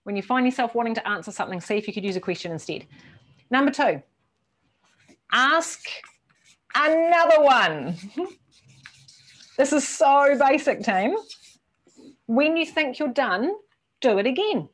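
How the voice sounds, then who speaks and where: A woman giving a casual, lively workshop talk to a team, swearing now and then and acting out quoted voices. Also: on the high side, moderate pace, pauses often. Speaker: workshop presenter.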